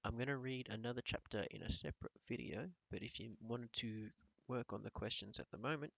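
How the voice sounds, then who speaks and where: A male teacher reading a novel aloud to his pupils in a calm storytelling voice. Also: mid-range voice, brisk, vocal fry, no room sound, highs cut off.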